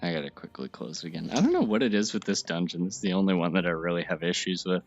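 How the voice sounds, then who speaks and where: A man with a very low voice makes wry, chuckling remarks while gaming. His mic sounds dull and lo-fi. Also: sing-song, racing. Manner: chuckly, wry, a bit snarky. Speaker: party member. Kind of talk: casual gaming chat.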